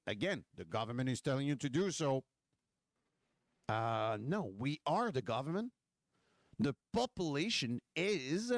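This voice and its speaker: Male host, impassioned rant, higher voice, dry close sound. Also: dry recording. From Quebec. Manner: fiery, repetitive, full of rhetorical questions. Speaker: political livestream host.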